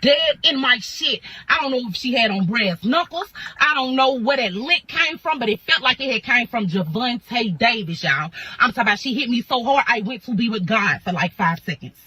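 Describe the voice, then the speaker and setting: A woman's voice: on the high side, expressive, normal speed, hardly any pauses, sharp tone, husky, rough recording. A woman telling a dramatic storytime in slangy, punchy talk full of sound effects. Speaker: storytime creator. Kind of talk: animated storytime.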